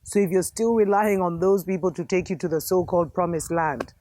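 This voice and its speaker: A woman's voice: lowish voice, brisk, warm tone, slight background noise. A woman host giving an impassioned spiritual commentary monologue, fervent and preachy, calling her viewers family.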